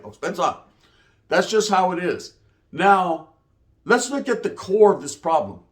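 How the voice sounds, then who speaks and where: A man's voice: high-pitched, sing-song, a little slow, long pauses. A man, giving rambling, profane commentary in street slang with Spanish words mixed in. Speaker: commentary vlogger.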